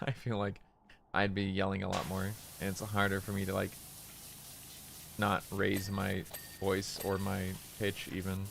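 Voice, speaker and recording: A man casually chatting on a game stream, speaking in a relaxed, low-key and unexpressive way, deliberately keeping his voice in a lower register. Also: vocal fry, slight background noise. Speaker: livestreamer.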